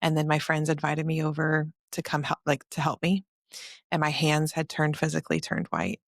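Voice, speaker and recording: A woman's voice: low voice, normal speed, gravelly, no room sound, clean studio sound. A woman, a podcast guest, telling a personal story in an earnest, tumbling, emotional way. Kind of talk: personal storytelling in a casual interview.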